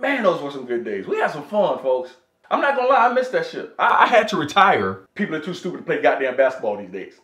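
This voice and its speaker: A high-voiced man rants to his camera with swings all over his range, cursing freely and calling his viewers folks. His profane, animated talk rings around an echoey indoor room. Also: fast talker. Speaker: vlogger. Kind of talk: casual comedic rant to camera. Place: indoor room with wooden floor.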